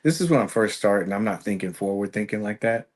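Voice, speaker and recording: A man with a very low, deep voice talks as a podcast guest. He is relaxed and easygoing, recalling when he was first starting out in a casual storytelling way. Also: quick pace. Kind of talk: casual chat.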